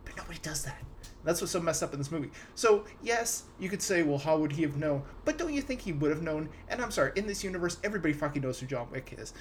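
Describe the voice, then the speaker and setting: Talking fast with a somewhat high-pitched voice, this young podcast host delivers a casual, animated rant about a movie. He curses liberally and trips over his words, often starting over. Faint background noise is audible.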